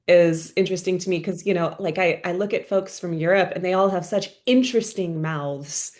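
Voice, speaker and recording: A woman's voice: on the low side, fairly quick, a little mellow. Musing woman leading a video workshop. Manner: thoughtful, musing, with hedging asides. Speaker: workshop facilitator. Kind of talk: leading a discussion group. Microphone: video call.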